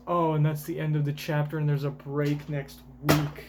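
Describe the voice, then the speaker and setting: A man streaming a live manga reaction, rambling, swearing casually and thinking out loud. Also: on the high side, flat delivery, normal speed, slight background noise.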